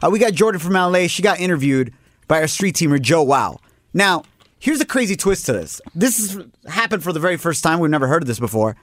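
Upbeat high-voiced male radio host. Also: sing-song, fast talker, fairly bright tone, no echo. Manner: upbeat, laughing, presenting segments. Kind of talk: casual radio banter.

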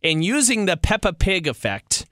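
A man's voice: sits high, big pitch swings, moderate pace, a bit bright, no echo. A man hosting a morning radio show in a studio, chuckling through his lines.

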